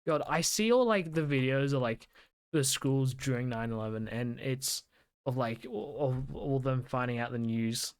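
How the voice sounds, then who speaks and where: A man's voice: mid-range voice, normal speed, smooth, dry recording. A young man co-hosting a casual chat while gaming, rambling with many fillers. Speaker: podcast co-host.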